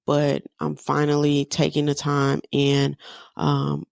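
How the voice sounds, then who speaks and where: A woman's voice: low-pitched, steady tone, moderate pace, creaky, darkish tone, no room sound, clean studio sound. A woman in her thirties hosting a podcast, talking candidly in a loose, conversational way with lots of fillers. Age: 30s. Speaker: podcast host. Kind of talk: personal monologue.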